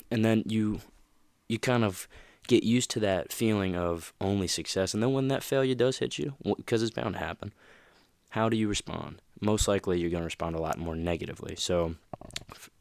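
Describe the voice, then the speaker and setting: Deep-voiced guy doing a motivational podcast, chatty and rambly, keeps saying right?. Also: normal speed, vocal fry, a little mellow, no echo, studio quality. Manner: rambling, conversational, asks "right?" often. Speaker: podcast host. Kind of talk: casual motivational monologue.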